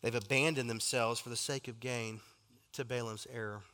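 Bright-voiced man preaching a lively sermon. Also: medium pitch, moderate pace. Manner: animated, frequent restarts and fillers, acts out quoted figures.

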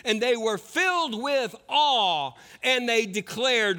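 A man preaching a sermon, swinging between hushed, intense passages and loud, rising exhortation. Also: sits high, lively intonation, measured pace, hardly any pauses. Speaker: pastor.

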